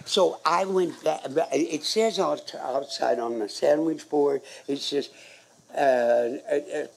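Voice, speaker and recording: An older woman with a gravelly, worn voice tells a story on a club stage, drawing it out slowly. She wanders and stalls, reaching for names with strings of fillers before she picks the thread back up. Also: sits low. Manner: rambling, halting, loses her words with many fillers. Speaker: guest performer telling a story on stage. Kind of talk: live on-stage anecdote.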